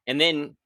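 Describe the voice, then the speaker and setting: A man co-hosting a casual sports podcast, cracking jokes in a laid-back way. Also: sharp tone. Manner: wisecracking, laid-back joker. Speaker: podcast co-host. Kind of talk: casual chat.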